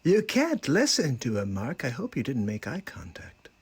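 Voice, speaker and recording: A man's voice: mid-range voice, huge pitch swings, moderate pace, slightly rough. A man doing a comic impression of a boastful older male president, blustery and repetitive, always in a hurry. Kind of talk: comic celebrity impression on a livestream.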